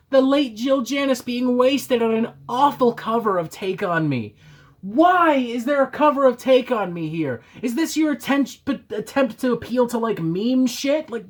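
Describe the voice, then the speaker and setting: A woman's voice: a little high, animated, normal speed. A woman reviewing an album in a sarcastic, profane rant, mocking the record.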